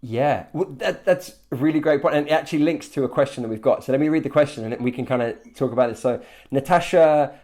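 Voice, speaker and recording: A man's voice: mid-range voice, fast talker, few pauses. A man who teaches English, chatting casually with many fillers and restarts. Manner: relaxed, rambling with many fillers. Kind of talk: casual chat.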